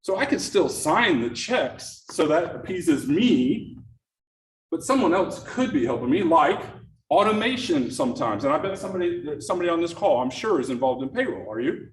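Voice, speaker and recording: A man's voice: fairly high pitch, big pitch swings, moderate pace. A middle-aged man giving an interactive productivity workshop, engaging the room with frequent questions to the audience, speaking in a meeting room before a live audience. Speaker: workshop presenter. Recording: echoey room, distant mic, faint noise.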